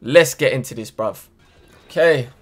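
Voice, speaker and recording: A young man commentating his own football video game match, slangy, muttering one moment and shouting the next. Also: mid-range voice, unhurried, breathy edge, faint music behind. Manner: slangy, swings from muttering to loud shouts at goals. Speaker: gaming YouTuber. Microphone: desk microphone.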